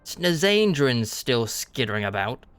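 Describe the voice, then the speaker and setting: Smooth-voiced man running a tabletop game. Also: mid-range voice, big pitch swings, a little slow, a bit bright, faint music behind. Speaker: dungeon master.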